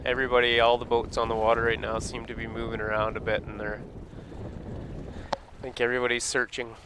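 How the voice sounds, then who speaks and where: A man's voice: medium pitch, little pitch movement, a little fast. A man from Alberta with a Canadian accent, chatting in a laid-back, rambling way while steering a boat outdoors on the water. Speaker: boat operator on a live wildlife stream. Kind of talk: casual chat. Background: wind and boat engine.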